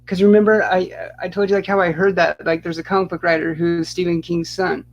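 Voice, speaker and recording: Casual male co-host, gravelly, a bit high, rambles and restarts a lot. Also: little pitch movement, fairly quick. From Utah. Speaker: podcast co-host. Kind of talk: casual chat.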